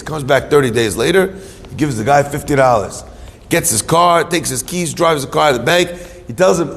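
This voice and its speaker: Gravelly rabbi preaching in a reverberant hall. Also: male voice, on the high side, normal speed. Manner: storytelling, animated, asks and answers his own questions; mixes in Hebrew terms. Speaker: rabbi teaching Torah. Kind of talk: sermon to a live audience. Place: hall with an audience.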